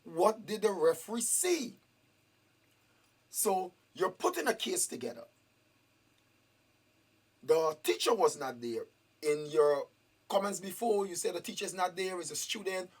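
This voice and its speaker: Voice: medium pitch, husky. A parent questioning school staff in a meeting, repeating the same pointed questions and demanding answers. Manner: repetitive, demanding, raised emphatic questions.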